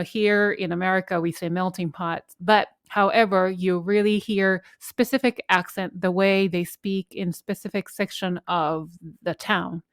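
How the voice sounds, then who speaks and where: A woman's voice: lowish voice, no echo, clean studio sound. A woman hosting a podcast, chatting casually and often filling her phrases with "you know". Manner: conversational, leans on "you know" fillers. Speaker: podcast host. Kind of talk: casual interview chat.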